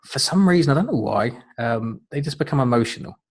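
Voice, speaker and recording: A man's voice: mid-range voice, expressive, fairly quick, husky. A middle-aged man, a life coach, giving an earnest, encouraging webinar talk with frequent fillers. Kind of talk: webinar presentation.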